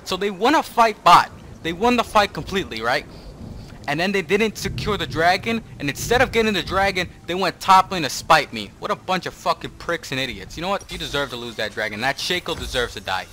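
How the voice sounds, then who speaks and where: A man's voice: a little high, animated, brisk, sharp tone, slight background noise. A young man commenting on his own video game match, swearing and ranting in frustration at other players. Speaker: gaming streamer. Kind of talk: gameplay commentary. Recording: music bed under the voice.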